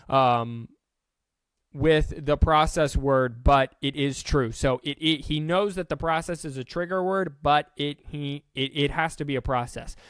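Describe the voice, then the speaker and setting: A man's voice: on the high side, clean tone, dry recording. A man hosting a casual solo sports podcast, chatty and self-deprecating, stumbling now and then over names.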